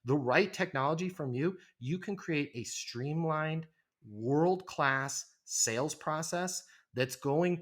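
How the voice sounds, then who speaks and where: A middle-aged man talks with a forceful, emphatic drive on a podcast interview. He coaches like a trainer, slipping into quick quoted voices to act out phone calls. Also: medium pitch. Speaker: leasing trainer, podcast guest. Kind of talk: energetic podcast interview talk.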